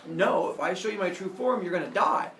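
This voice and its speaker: A man's voice: high voice, expressive, brisk, fairly bright tone, a little hiss or hum, pitched above the performer's own voice. A man as a flustered, sheepish Zeus. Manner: sheepish, pleading. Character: flustered king of the gods, Zeus. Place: classroom. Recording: echoey room, camera far off.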